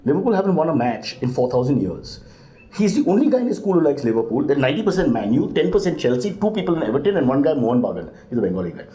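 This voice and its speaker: Middle-aged man, rapid talk, mellow dark tone, deadpan comic asides. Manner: deadpan comic asides, jumps to high mock voices. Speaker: guest comedian. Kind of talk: comic chat answering parenting questions.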